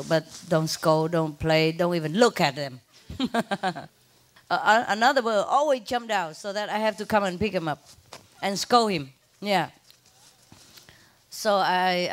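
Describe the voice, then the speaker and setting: A woman spiritual teacher telling stories to her followers in a casual, animated way, laughing often. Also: lowish voice. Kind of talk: casual storytelling talk to followers.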